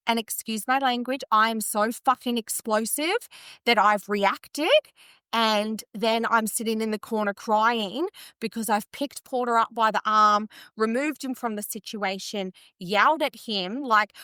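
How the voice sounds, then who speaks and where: Earnest Australian woman, fairly high voice. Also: sharp tone, smooth, no room sound, studio quality. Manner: earnest, tumbling, self-correcting speech. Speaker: podcast guest. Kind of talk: candid conversational interview.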